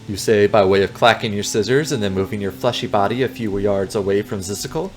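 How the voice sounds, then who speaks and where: A man's voice: fairly low pitch, fairly quick, hardly any pauses, a little hiss or hum. A man reading a text adventure game aloud, with playful joking asides. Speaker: game narrator.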